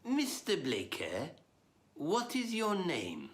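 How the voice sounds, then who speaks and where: A man voicing an elderly Orthodox rabbi who speaks slow, drawn-out English with a heavy Yiddish accent and keeps pressing the same question. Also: on the high side, huge pitch swings, a bit bright, full character voice. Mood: insistent.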